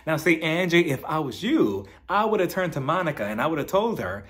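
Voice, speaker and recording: A man's voice: fairly high pitch, big pitch swings, brisk, hardly any pauses, fairly bright tone. A man recapping a reality show in a casual, gossipy way, laughing often and acting out quotes.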